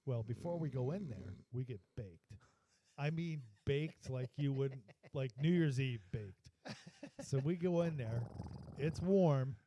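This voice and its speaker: A man co-hosting a podcast, telling a long story in a rambling, profane, animated way. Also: mid-range voice, unhurried, a little hiss or hum. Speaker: podcast co-host. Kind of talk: casual storytelling chat.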